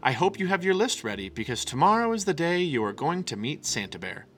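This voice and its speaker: A soothing mother bear from a storybook, voiced by a man reading aloud. She reassures her cub calmly, her voice bright with a lively lilt. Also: fairly high pitch, fairly quick, pitched above the performer's own voice.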